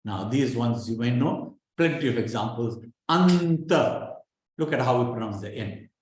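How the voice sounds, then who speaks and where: A man's voice: mid-range voice, normal speed, darkish tone, a little hiss or hum. A man teaching Sanskrit pronunciation in an online class, patiently drilling syllables and often checking in with his students. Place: online class over a video call. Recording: very echoey room sound.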